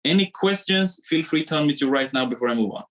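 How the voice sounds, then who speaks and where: A man coaching a live online webinar, animated and repetitive as he draws on screen, talking into a computer mic. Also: fairly high pitch, fast, poor audio. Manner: animated, repeats himself, drawing on screen.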